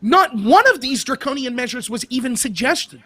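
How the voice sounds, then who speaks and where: A man with a very high, bright voice argues his point as a guest on a talk show. He drives his case home with a run of rhetorical questions. The sound is close and dry, with no room echo. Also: very animated, normal speed. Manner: argumentative, asks rhetorical questions. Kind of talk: political commentary.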